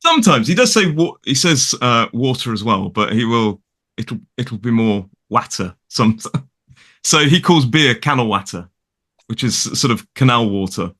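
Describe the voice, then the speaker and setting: A talkative man with a mild Derbyshire accent rambles cheerfully through a casual chat. His voice is bright and forward, and he speaks over a video call. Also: medium pitch, moderate pace. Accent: mild Derbyshire English. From Derbyshire, England. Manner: chatty, rambling, animated. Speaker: guest English teacher. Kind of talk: casual conversation.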